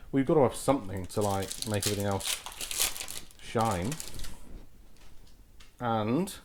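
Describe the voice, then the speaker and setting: A man talks his way through opening card packs in a relaxed, unhurried commentary. His pitch swoops widely as he exclaims excitedly over each new pull. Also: slight background noise.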